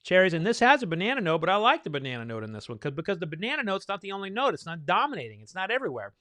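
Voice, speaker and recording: Hosting a bourbon tasting, this man keeps the live chat casual, rambling as he thinks aloud and leaning on many fillers, a bit out of breath from talking so much. His voice is high, bright and pushed, with big pitch swings and a very fast pace. There's no room sound.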